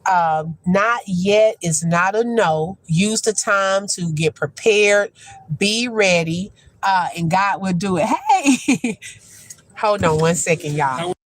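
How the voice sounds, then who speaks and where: Parked in her car, a woman hosts a casual livestream, chatting, laughing often, and shifting into preacher-like encouragement. Her mid-range voice is lively in intonation but slow-paced, and the audio quality is poor.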